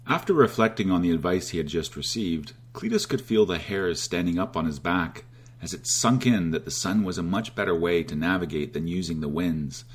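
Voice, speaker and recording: Male narrator for a fable: steady delivery, low and breathy-husky tone. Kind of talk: storytelling narration.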